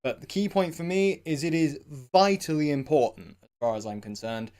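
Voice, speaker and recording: A man talks through singing technique in a loose, conversational way, padding his points with "you know". His speaking voice sits a little high and sounds smooth and resonant. Now and then he stops to sing a short demonstration. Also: normal speed. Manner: conversational, many "you know" fillers, rambling asides; breaks into short sung and shouted vocal demos. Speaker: singing vlogger. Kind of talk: casual spoken explanation of singing technique.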